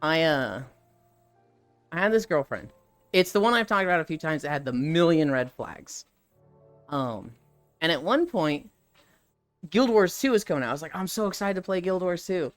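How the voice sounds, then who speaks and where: A man's voice: fairly high pitch, sing-song, normal speed, long pauses, no echo, soft background music. A man in his thirties, a streamer telling a story in casual talk, swearing freely and acting out the people he quotes.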